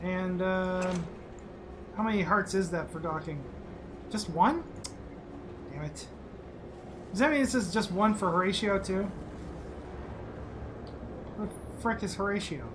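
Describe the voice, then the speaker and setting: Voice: mid-range voice, unhurried, pauses often, noisy background. A gamer chatting casually while playing, humming and muttering as they go. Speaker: let's play gamer. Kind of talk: casual gameplay commentary. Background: game music.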